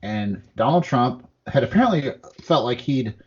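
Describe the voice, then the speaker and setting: A man rambles through politics on a podcast, swearing freely and acting out quotes as he goes. His voice sits at an ordinary pitch. The recording is a little dull and muffled. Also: lively intonation, moderate pace. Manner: profane, rambling, acts out quotes. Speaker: podcast co-host. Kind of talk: casual political chat.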